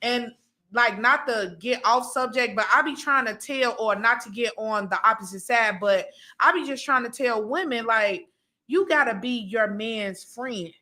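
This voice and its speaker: A woman's voice: a little high, moderate pace, sharp tone. A woman co-hosting a casual podcast chat, rambling with many restarts. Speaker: podcast host.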